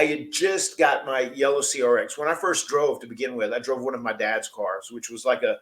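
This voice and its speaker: Podcast host, man, rambling casual storyteller, mid pitch. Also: a bit bright. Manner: chatty, rambling, laughs often.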